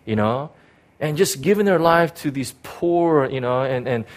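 A middle-aged pastor shares his personal testimony during a sermon, speaking haltingly, repeating words and leaning on "you know" as filler. His voice sits at medium pitch with lively intonation.

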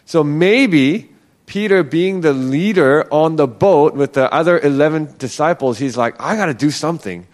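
A man's voice: fairly high pitch, measured pace, a little mellow. A man giving a casual Bible teaching, talking conversationally and acting out the quoted lines.

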